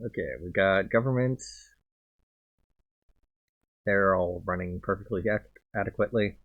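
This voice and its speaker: A man's voice: sits low, a little slow, narrow, tinny audio. A man doing casual let's play commentary, thinking aloud and muttering as he plays a video game.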